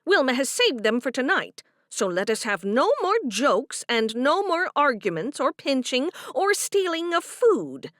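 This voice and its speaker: A woman voicing a stern older woman who scolds the children in a shrill, hissing voice. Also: very animated, a little slow, hardly any pauses, fairly bright tone, no room sound, clean studio sound, exaggerated voice. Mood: firm.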